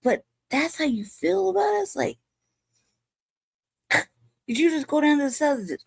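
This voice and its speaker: A woman's voice: sits high, expressive, moderate pace, vocal fry, pauses often, a little mellow, no room sound. Forties woman from california cussing up a storm on a commentary stream, dry close sound. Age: 40s. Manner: profane, angry ranting. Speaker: commentary show host. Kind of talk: heated livestream commentary.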